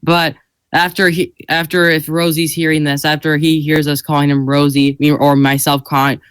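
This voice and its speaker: A man plays a senator in a role-played parliamentary debate, his voice pitched on the high side and recorded dry with no room sound. He argues his point, stumbling over words and breaking into laughter now and then. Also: little pitch movement, moderate pace, fairly bright tone, smooth, no room sound, low-quality recording. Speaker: senator in a mock senate session.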